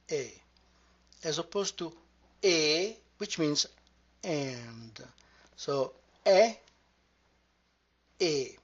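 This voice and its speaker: A woman teaching pronunciation, modelling each word slowly and deliberately. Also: sits low, fairly bright tone, slightly rough. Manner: slow, deliberate, drawn-out modelling of words. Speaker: language teacher. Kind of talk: slow pronunciation lesson. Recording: muffled lo-fi recording.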